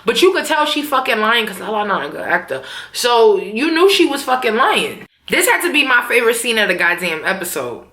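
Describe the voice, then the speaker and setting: Brief: young New woman, animated and slangy TV recapper, bright, slightly high voice, echoey room. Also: brisk. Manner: animated, slangy and profane, acts out quotes. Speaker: TV recap vlogger. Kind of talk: casual recap.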